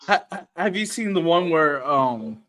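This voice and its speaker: A man's voice: a little high, big pitch swings, unhurried, fairly bright tone. A man hosting a casual stream chat, rambling with lots of ums and some cussing. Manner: rambling with many ums and profanity. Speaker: streamer host.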